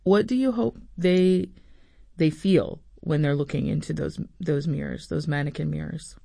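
A news interviewer asks probing questions and stumbles lightly over some words. The voice has a gravelly texture and is recorded dry, with no room sound. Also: mid-range voice, moderate pace, warm tone, no echo. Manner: probing questions with small restarts.

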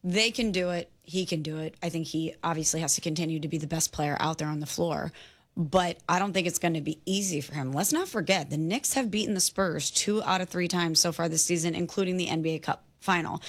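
A woman co-hosting a sports radio show in a studio, giving measured, analytical takes. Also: fairly low pitch.

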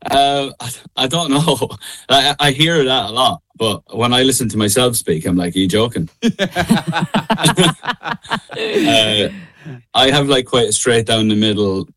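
A man's voice: medium pitch, sing-song, measured pace, pauses often, sharp tone. A young man with a midlands Irish accent, chatting easily as a radio guest and laughing often. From Ireland. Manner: laid-back, laughs often. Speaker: guest singer. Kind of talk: casual radio interview.

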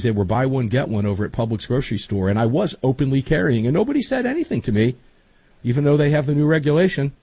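Chatty middle-aged man, husky and lively. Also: mid-range voice, no room sound. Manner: chatty, rambling, emphatic. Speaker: podcast host. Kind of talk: casual chat.

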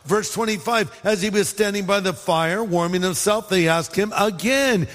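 With a voice that sits high, a male pastor preaches at a moderate pace with few pauses while faint music plays behind. He tells a story with humor, acting out quoted voices and dropping in funny asides. The recording carries long hall reverb.

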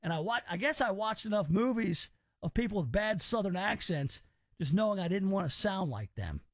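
A man's voice: high voice, lively intonation, moderate pace, dry recording, clean studio sound. A man from Memphis hosting a casual talk radio show, opinionated and rambling as he reacts to stories. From Memphis, Tennessee, US.

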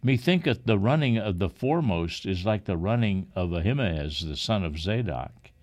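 A man's voice: low voice, animated, normal speed, a little mellow. A man voicing an alert watchman calling out from a city gate in a scripture reading.

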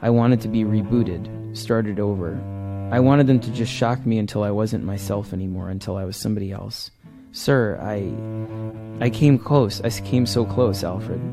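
A man's voice: lowish voice, moderate pace, music in the background, natural voice. A man reading aloud a haunted, driven young man of twenty-five who confesses his past with intensity. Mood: confessional. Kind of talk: reading a comic script aloud.

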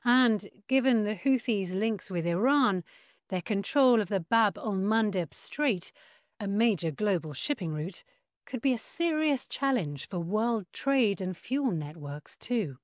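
A woman's voice: medium pitch, lively intonation, a little slow, no echo, clean studio sound. A woman presenting the news, reading formal scripted links between reports.

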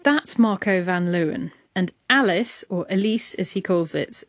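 A woman's voice: mid-range voice, no echo, clean studio sound. A woman presenting a radio science show, playful and enthusiastic, with jokey asides. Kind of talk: lively scripted presenting.

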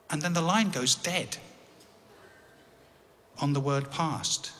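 A man's voice: a little high, slow, pauses often, a bit bright, big-room sound. An English man telling a personal story in a conversational way with dry, wry humor. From England.

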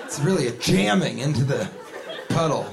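A male comedian performs stand-up on a club stage, his voice high and lively. He swings into loud shouted character voices. The live recording carries clear audience laughter and room noise. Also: normal speed, crowd noise. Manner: animated storytelling, sudden shouted voices.

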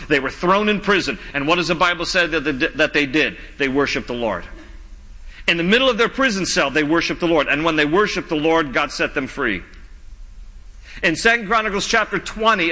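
A male pastor preaching a sermon, slow and emphatic, dropping low and soft on key lines. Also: big-room sound, rough recording.

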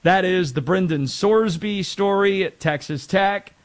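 Man from north carolina, sports radio host, slightly higher voice, chatty, rambling asides. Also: unhurried. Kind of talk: casual sports talk.

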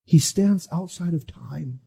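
A man's voice: on the high side, slow pace, vocal fry, dark tone, husky. A middle-aged man preaching a sermon as pastor, dramatic and acting out the voices of the people in his story. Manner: dramatic, acts out voices of the disciples.

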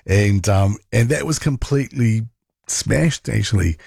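Husky raspy kiwi radio host guy, chatty. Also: lowish voice, unhurried, a little mellow, dry recording, studio quality. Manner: chatty with short reactions. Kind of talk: casual radio chat.

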